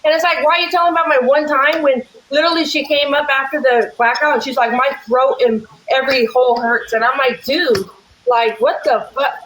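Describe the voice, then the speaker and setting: A woman in casual chat who talks fast and rambles, blunt and profane. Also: high-pitched, steady tone, fairly bright tone, roomy sound, a little hiss or hum, poor audio. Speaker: livestream guest.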